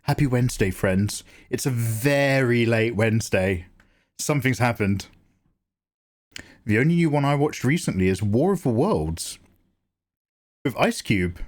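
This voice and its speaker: Male art streamer, casual chat, lively up-and-down delivery, loose and profane. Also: mid-range voice, measured pace, long pauses. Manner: rambling, sweary, jokey, greets chat by name. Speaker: streamer and artist. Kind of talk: casual livestream chat while drawing.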